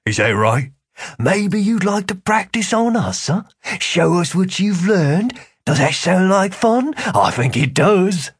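A man's voice: high voice, very animated, slow, a little hiss or hum, voice pushed up, heavily acted. A man voicing a big, menacing male street thug who taunts in a mocking, sing-song way.

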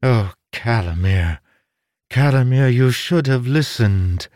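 A man's voice: mid-range voice, expressive, slow pace, no echo, studio quality, pitched above the performer's own voice. A man voicing a smug, seductive sorceress. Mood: coaxing. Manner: soft, smug and coaxing. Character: scheming, seductive female scholar-sorceress.

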